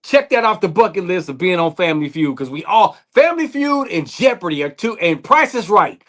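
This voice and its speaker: Brief: high-voiced, lively man, easygoing co-host who laughs a lot. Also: fairly quick. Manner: laughs often, teasing banter. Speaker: podcast co-host. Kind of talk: casual chat.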